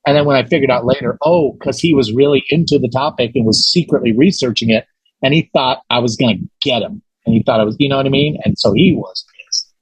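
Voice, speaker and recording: A man's voice: medium pitch, quick pace, husky, dry recording, rough recording. A man as a podcast guest, telling a story casually and animatedly, acting out quoted voices, with many fillers.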